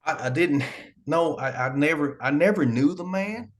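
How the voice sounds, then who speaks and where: A man's voice: fairly high pitch, moderate pace. A man playing a troubled young man grieving his mother in a tabletop role-play, stammering and repeating words.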